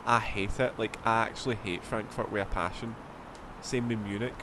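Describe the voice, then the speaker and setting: A man's voice: fairly low pitch, fairly even intonation, normal speed. Chatty Scottish man over engine hum. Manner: rambling, chatty, swears casually. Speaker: flight sim streamer. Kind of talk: casual gameplay commentary.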